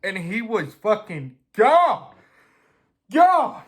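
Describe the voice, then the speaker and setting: A man telling a casual, swear-filled story in an animated way. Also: high voice, drawn-out words. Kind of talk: casual anecdote.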